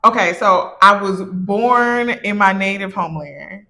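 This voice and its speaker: A woman's voice: medium pitch, unhurried, sharp tone. A woman born in Haiti and raised in Virginia, co-hosting a podcast in casual chat. She speaks in a blunt, opinionated and sassy way. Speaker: podcast co-host.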